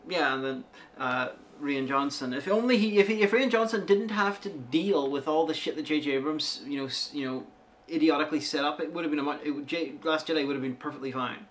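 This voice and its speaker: A woman's voice: sits low, fairly quick, a little hiss or hum. A woman co-hosting a casual chat, rambling through stories and jokingly bragging. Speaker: co-host.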